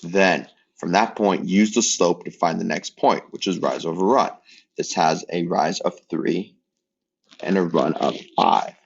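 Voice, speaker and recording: Low gravelly man teaching math. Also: a little slow, muffled recording, a little hiss or hum. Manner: relaxed, joking asides while working problems. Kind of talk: casual math lesson.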